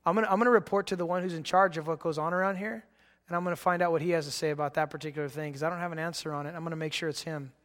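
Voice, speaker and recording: A man preaching a sermon as pastor, animated and excitable, acting out biblical characters as he reads. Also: fairly high pitch, racing, long reverb tail.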